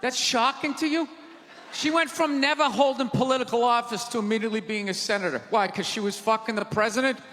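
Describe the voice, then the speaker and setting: A man doing a stand-up comedy set on a theater stage, ranting in a loud, exasperated way. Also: very high-pitched, fairly even intonation, a little fast, slight background noise. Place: large theater stage with live audience. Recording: live theater recording with long reverb and crowd.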